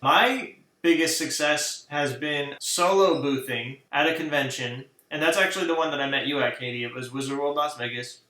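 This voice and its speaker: A man's voice: on the high side, normal speed, reverberant, low-quality recording. A man, an author and graphic designer, chatting casually in a self-deprecating way. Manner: animated, self-deprecating, laughs often. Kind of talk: casual chat.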